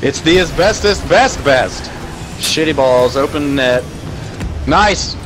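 A young man streaming a car soccer game, chatting casually with crude jokes and shouting at plays. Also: on the high side, lively intonation, slow pace, over music, low-quality recording.

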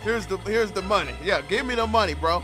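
A young man doing comedic game commentary, loudly roasting the characters in slang. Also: high-pitched, lively intonation, brisk, faint music behind. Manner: loud trash-talking, roasting characters in slang. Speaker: gaming streamer.

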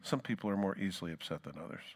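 A man's voice: animated, racing. A male pastor preaching a sermon, reading scripture dramatically and talking to the congregation in casual asides. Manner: dramatic scripture reading, rising loud then dropping low.

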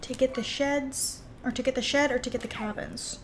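Here a young woman chats with her stream audience about the farming game she's playing, bubbly and casual, with gasps and asides that trail off. Her high voice stays fairly even in intonation at a moderate pace. Music plays in the background, and there's a little hiss or hum.

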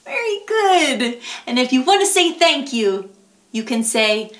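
A woman's voice: high voice, very animated, unhurried, reverberant. A woman teaching a children's music lesson, cheerful and coaxing, talking straight to young kids. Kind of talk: kids' sing-along lesson.

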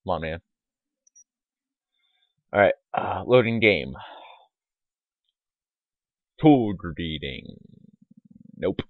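A man's voice: low-pitched, sing-song, very slow, long pauses, no echo. A man giving casual, rambling let's-play commentary, mumbling asides with lots of fillers, on a tinny, lo-fi mic. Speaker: gaming YouTuber. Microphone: desktop microphone.

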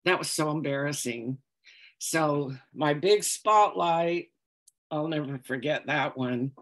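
A woman's voice: low voice, slow pace. A woman calligrapher telling an anecdote during a lecture, in a chatty, meandering way with frequent ums and laughs.

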